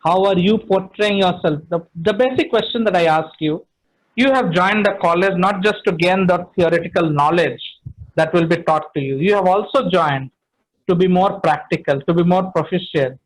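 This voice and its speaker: A man's voice: sits high, normal speed, rough recording. A man, speaking as a trainer in an online session from home, emphatic and repeating phrases for stress.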